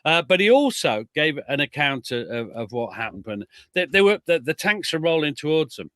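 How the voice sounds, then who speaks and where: A male historian from Chesterfield tells his stories with real animation, his bright, slightly high voice leaping up and down in pitch. He talks conversationally and leans hard into emphasis. The sound is dry and close, with no room around it. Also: moderate pace, no echo. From Chesterfield, England. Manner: lively, reads veterans' accounts aloud with emphasis. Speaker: military historian guest.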